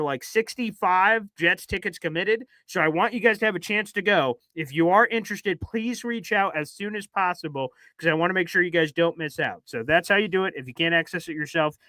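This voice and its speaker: A man hosting a live sports stream, chatty and energetic, talking fast. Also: sits high, dry recording. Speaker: podcast host. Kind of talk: casual live-stream chat.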